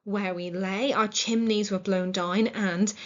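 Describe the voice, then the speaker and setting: An English woman reading the part of Lennox, a male lord describing an unruly night, slowly and deliberately. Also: mid-range voice, fairly even intonation, muffled recording, natural voice. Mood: uneasy.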